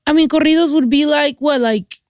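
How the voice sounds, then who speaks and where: A woman from Mexico, a podcast guest, chatting in a frank, animated way with casual swearing. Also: high-pitched, fairly quick, no room sound, clean studio sound. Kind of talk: casual chat.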